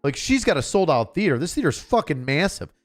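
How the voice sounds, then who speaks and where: A man's voice: fairly high pitch, very animated, fairly quick. A man streaming a reaction to a comedy special, ranting in a sarcastic, exasperated way with lots of fillers and swearing. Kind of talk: casual reaction commentary.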